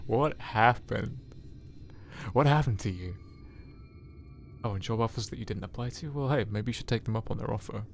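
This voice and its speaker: A man's voice: lowish voice, moderate pace, gravelly, pauses often, faint music behind. A man in his twenties streaming a game, chatting casually and joking with his chat in a self-mocking way. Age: 20s. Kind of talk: casual live-stream chat while playing.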